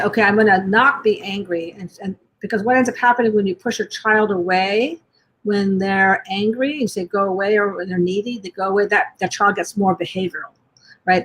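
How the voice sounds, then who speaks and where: Her voice medium in pitch, a parenting coach gives a gentle live-streamed talk to parents. She poses many consecutive questions and regularly restarts and rephrases as she goes.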